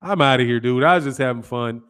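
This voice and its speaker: A man's voice: medium pitch, fast talker, fairly bright tone, clean tone. A man, hosting a boxing channel and chatting casually with viewers on a live stream, joking and answering their comments. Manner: laid-back, joking, reads out chat comments.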